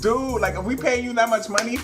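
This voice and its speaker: A man's voice: very high voice, brisk, over music. A man giving a casual, rambling review, laughing often and swearing freely. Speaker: film reviewer.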